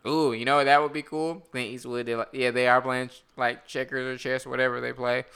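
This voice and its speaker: A man in casual chat, rambling and laughing as he pitches ideas, often slipping into mock voices. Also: flat delivery, fairly quick, vocal fry, fairly bright tone, smooth.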